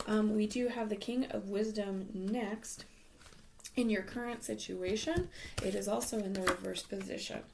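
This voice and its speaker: A woman's voice: mid-range voice, steady tone, normal speed, vocal fry, background noise. A woman giving a tarot reading in a casual, advising way, losing her voice, with frequent ums and some half-whispered words. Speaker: tarot reader.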